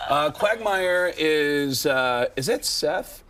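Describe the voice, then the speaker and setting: A man's voice: fairly high pitch, expressive, slow, fairly bright tone, smooth. A man, a comedian guest on a TV morning show, chatting casually and telling stories about his career. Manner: chatty storyteller who slips into impressions. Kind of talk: casual chat.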